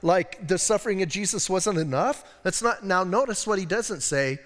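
A man's voice: high voice, normal speed. An American male pastor preaching a casual, chatty sermon full of rhetorical questions and asides. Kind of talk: conversational sermon. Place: church sanctuary. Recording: long church-hall reverb.

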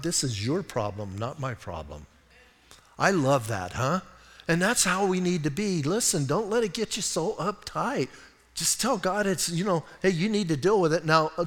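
Older man, pastor mid-sermon, folksy and animated, slightly high voice, reverberant sanctuary. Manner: folksy storytelling, animated asides. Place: church sanctuary.

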